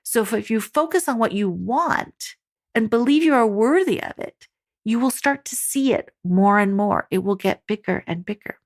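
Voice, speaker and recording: A woman's voice: fairly high pitch, lively intonation, moderate pace. A woman life coach talking to mothers in a monologue, upbeat and encouraging, speaking straight to her listeners.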